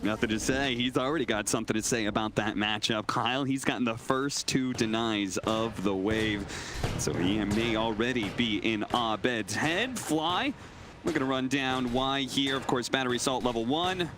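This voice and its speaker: A man casting a live esports match, giving brisk, conversational play-by-play. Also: medium pitch, background noise.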